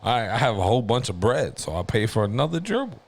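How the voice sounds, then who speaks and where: A man on a podcast telling a story in a casual, profane, animated way, laughing through it. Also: medium pitch, fast talker, creaky. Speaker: podcast co-host.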